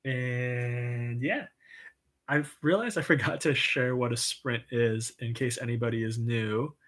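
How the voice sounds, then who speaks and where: A man hosting a casual livestream, reading viewer comments with an upbeat, encouraging manner, lots of "um" and soft laughs. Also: medium pitch, unhurried. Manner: chatty and enthusiastic, frequent "um" and soft laughs; says "y'all", upbeat and encouraging. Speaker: livestream write-in host.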